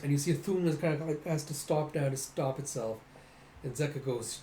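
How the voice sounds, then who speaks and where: A man reads through a comic with animated narration and acted-out sound effects. His voice sits a bit high with a dark, mellow tone. It sounds like an echoey room with a faint hiss. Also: a little fast. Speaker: comic readthrough host. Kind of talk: casual comic readthrough.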